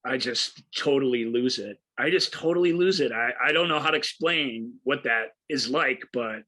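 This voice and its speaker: A man co-hosting a movie podcast, telling a film's story with eager, halting enthusiasm and many restarts. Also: mid-range voice, pushed and bright. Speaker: podcast co-host. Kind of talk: casual movie review chat.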